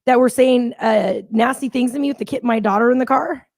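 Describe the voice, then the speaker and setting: A woman's voice: fairly high pitch, steady tone, fairly quick, darkish tone. A woman co-hosting a casual chat show, telling stories in a blunt, fiery way. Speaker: co-host.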